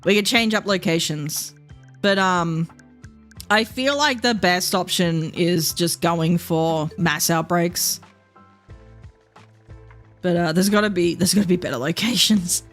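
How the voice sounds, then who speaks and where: A young woman livestreaming a game, chatting casually and thinking out loud in a rambling, easygoing way. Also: lowish voice, measured pace, pauses often, faint music behind. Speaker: streamer. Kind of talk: casual gameplay chat while livestreaming.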